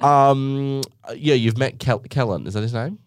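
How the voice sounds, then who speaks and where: A man co-hosting a casual chat, gossipy and joking, quick to laugh. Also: mid-range voice, no room sound, studio quality. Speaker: podcast co-host.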